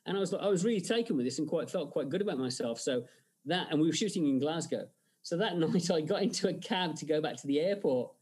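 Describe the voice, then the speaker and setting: A man's voice: a little high, fast, breathy edge. A man being interviewed, telling stories animatedly with frequent laughs and fillers. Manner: animated storyteller, laughs often, many fillers. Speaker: special-effects artist and director, guest. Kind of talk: casual interview.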